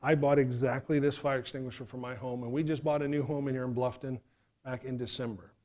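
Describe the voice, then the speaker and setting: A middle-aged man from New York giving an animated fire safety talk, acting out the voices in his stories. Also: medium pitch, fast. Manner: animated, acts out quoted voices.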